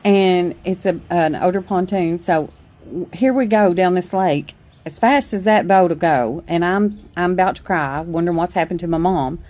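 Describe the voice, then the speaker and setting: A woman's voice: lowish voice, moderate pace, a little mellow. A middle-aged woman telling a story on her porch in a chatty, folksy way, laughing along. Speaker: vlogger. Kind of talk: casual storytelling.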